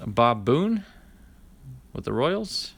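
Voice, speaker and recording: A man's voice: mid-range voice, sing-song, drawn-out words, creaky, breathy edge. Man casually reading off baseball cards. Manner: chatty, reads card names aloud in a running list; talks to live viewers by name. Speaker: card-opening vlogger. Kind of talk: casual card-opening commentary.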